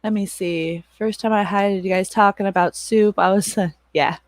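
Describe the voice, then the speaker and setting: A woman in her thirties hosts a casual livestream, talking loosely to her viewers at a middle pitch. She rambles, laughs often and swears offhandedly. Her voice sits close and dry, with no room sound. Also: fairly even intonation, normal speed, no room sound. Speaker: livestream host and moderator.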